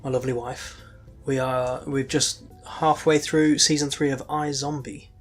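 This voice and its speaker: A man's voice: mid-range voice, level tone, measured pace, faint music behind. A man co-hosting a podcast, rambling casually with many ums and restarts. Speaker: podcast co-host. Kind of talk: casual chat.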